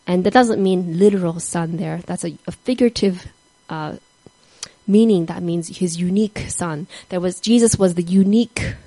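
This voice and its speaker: A woman's voice: fairly low pitch, normal speed, no echo, low-quality recording. Earnest woman telling a sermon story. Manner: earnest, drops to a soft whisper on key words. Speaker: speaker giving a devotional talk.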